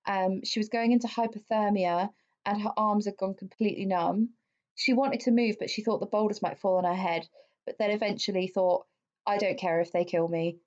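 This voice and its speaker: A woman's voice: medium pitch, fairly even intonation, a little fast, darkish tone. A woman, co-hosting a podcast and recounting a true-crime case in a chatty, swear-laden way. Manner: chatty, swears freely, many fillers. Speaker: podcast co-host. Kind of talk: casual true-crime storytelling. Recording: dull lo-fi sound.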